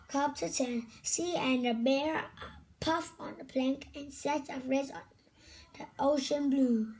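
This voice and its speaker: A woman reading a children's storybook aloud, slowly and haltingly, with restarts. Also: high-pitched, a little mellow, slight background noise, low-quality recording. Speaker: reader.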